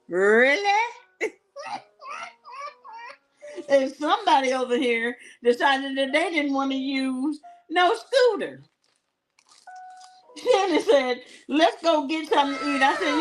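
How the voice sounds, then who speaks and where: A woman's voice: sits high, low-quality recording. A middle-aged woman hosting a live jewelry sales show, talking in a chatty, colloquial way and telling stories with frequent laughter. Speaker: shopping show host.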